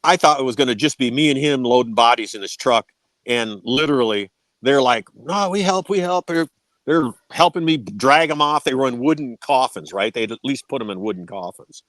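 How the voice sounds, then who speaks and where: A man's voice: medium pitch, fairly quick, fairly bright tone, dry recording. A man telling war stories as a podcast guest, swearing freely and tagging his sentences with "right?". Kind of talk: casual storytelling.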